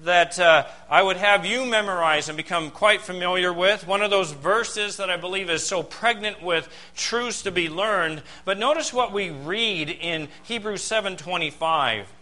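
A pastor delivering a sermon. He preaches emphatically, with dramatic pauses and rhetorical questions. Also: high voice, pushed and bright, poor audio.

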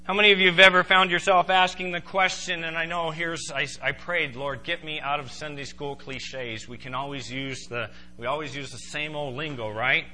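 A man preaching a sermon to a congregation, emphatic and animated. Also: on the high side, normal speed, hardly any pauses. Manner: emphatic, rising to loud exclaiming in voiced quotes. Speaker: pastor.

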